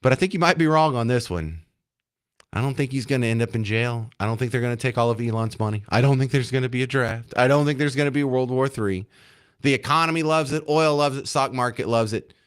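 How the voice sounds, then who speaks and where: Casting: male radio host, mid-pitched, sarcastic and mocking studio monologue. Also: brisk, smooth.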